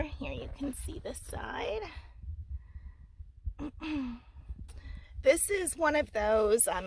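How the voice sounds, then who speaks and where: A woman vlogging from inside a small camper van, chatting casually in a gravelly morning voice, often half-whispering. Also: a little high, fairly bright tone, poor audio. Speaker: camping vlogger. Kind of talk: casual vlog narration.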